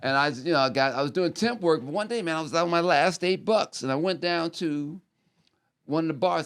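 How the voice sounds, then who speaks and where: A man's voice: on the high side, a little fast, fairly bright tone, smooth. An older man, a podcast guest and retired probation officer, telling rambling, profane stories in casual chat. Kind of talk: casual storytelling.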